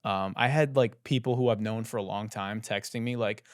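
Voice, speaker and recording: A man's voice: medium pitch, normal speed, hardly any pauses, a little mellow, no room sound, studio quality. A young man hosting a podcast, delivering a profane, mock-dramatic comedic monologue full of boasting. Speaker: podcast host.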